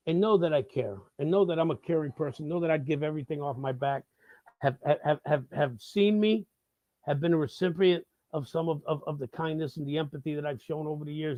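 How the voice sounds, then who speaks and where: A man's voice: on the high side, no room sound, dull audio. A middle-aged man from the Bronx with a New York accent, hosting a live talk-show monologue, swearing freely and repeating himself in heated bursts. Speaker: host.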